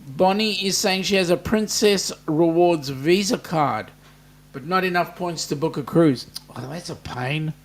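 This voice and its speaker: An Australian man with a slightly raised pitch chats casually on a live stream, reading out viewer comments one by one. He talks back to them in a loose, easygoing way, with lots of "mate" and "um". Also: measured pace. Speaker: livestream host reading chat. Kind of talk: casual livestream chat.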